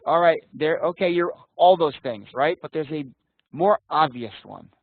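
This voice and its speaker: A man's voice: on the high side, expressive, moderate pace, no echo. A man teaching an interview prep class online, talking casually and bluntly, swearing now and then and calling on students by name. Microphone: video call. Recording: tinny dry call audio.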